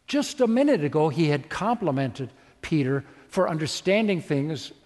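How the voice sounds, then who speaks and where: Delivering a sermon, a preacher retells a story vividly and poses many rhetorical questions. He has a fairly high voice for a man with a darkish tone, speaking at normal speed in a sing-song manner. Each phrase echoes with the long reverb of a big hall.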